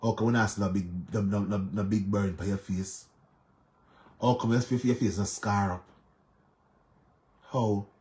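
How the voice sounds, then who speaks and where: A man with a Jamaican accent talks through online drama in casual commentary, his voice sitting on the low side. He is emphatic and repeats his points, sliding between patois and English. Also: steady tone, moderate pace, pauses often, darkish tone.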